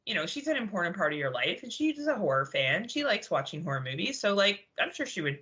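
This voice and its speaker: A Canadian woman co-hosting a podcast chats casually, laughing, swearing and rambling through the banter. Her mid-range voice is bright, forceful, very animated and fast, though the audio sounds dull.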